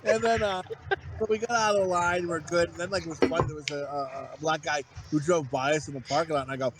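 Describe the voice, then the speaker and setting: A man's voice: on the high side, fairly even intonation, fast, heavy background noise. A man in his thirties, a podcast co-host, telling crude rambling stories in casual chat and acting out what people said. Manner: crude, rambling storytelling with acted-out quotes.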